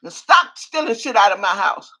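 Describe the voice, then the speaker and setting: A woman's voice: mid-range voice, big pitch swings, moderate pace, pushed and bright. An older woman on a live stream, cursing and trash-talking while she reads out viewer names. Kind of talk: profane live-stream rant.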